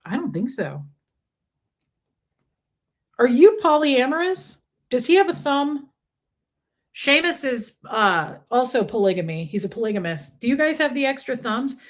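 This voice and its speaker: A woman's voice: sits high, big pitch swings, unhurried, pauses often. A middle-aged woman hosting a casual livestream, chatting and reading out viewer messages. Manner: chatty, reads out chat messages, coos at a kitten. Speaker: livestream host.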